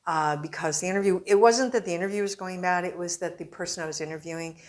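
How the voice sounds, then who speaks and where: A woman newspaper reporter, a guest on an interview show, telling animated anecdotes and acting out quotes in casual conversation. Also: fairly low pitch, fast talker. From Arizona.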